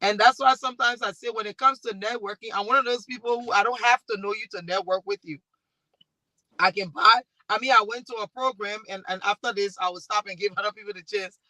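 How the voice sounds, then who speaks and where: A woman from Liberia with a Liberian accent, speaking as a panelist and talk show host who tells animated stories and acts out the dialogue. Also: mid-range voice, fast talker, no room sound. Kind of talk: panel discussion.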